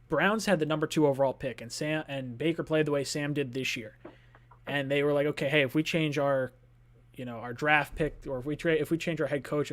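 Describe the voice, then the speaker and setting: Chatty man hosting a fan call-in show. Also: on the high side. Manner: loose and chatty, heavy on filler words. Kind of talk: casual sports talk.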